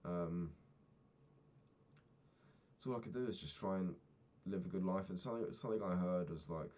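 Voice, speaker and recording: A young man with a very deep voice speaks to camera in a personal video diary. He sounds sad and worn down, talking in a low-key, rambling way and swearing often. He grew up in England. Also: moderate pace, a little mellow. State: sad, recently crying. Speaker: vlogger.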